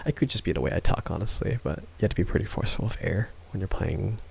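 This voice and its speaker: A man chatting casually with his live-stream viewers, breathy and hoarse, laughing often and rambling with restarts, close to a microphone. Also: deep voice, fast, darkish tone. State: hoarse, worn-out voice. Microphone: close ASMR microphone.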